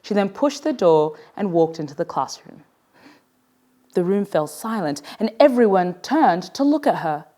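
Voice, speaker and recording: A woman author reading her own children's story aloud in a playful, expressive way. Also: medium pitch, moderate pace.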